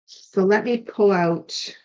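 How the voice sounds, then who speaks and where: A middle-aged Canadian woman hosts a casual craft demonstration, chatty but tired and yawning, thinking aloud with unsure asides. Her mid-range voice is slow and dark in tone. The lo-fi recording sounds slightly dull.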